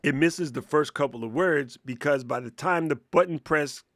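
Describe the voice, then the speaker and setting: Lively, laughing male streamer, dry sound. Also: a little high, moderate pace, no room sound. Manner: animated, laughing, swears freely. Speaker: host. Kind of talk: casual live-stream Q&A. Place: home studio. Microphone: studio microphone.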